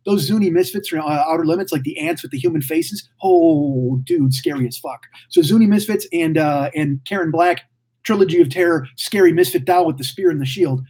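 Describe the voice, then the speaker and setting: Fast-talking husky-voiced motor-mouth man. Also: a little high, lively intonation, a little mellow. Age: 40s. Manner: rambling, profane motor mouth; mouthy, blurts without thinking. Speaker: podcast host reading live chat. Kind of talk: casual livestream chat.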